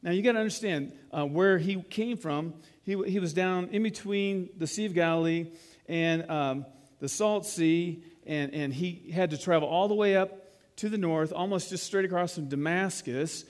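A man's voice: sits high, moderate pace, in a large hall. A man preaching a sermon in a conversational way, retelling a scene and asking the listeners rhetorical questions. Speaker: pastor.

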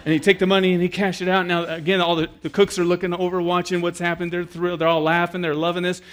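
A man preaching a sermon, telling a story with lively acted-out quotes and then speaking quietly and earnestly to the congregation. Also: sits high, fast. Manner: animated storyteller who acts out quoted voices, then turns quiet and earnest. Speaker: pastor.

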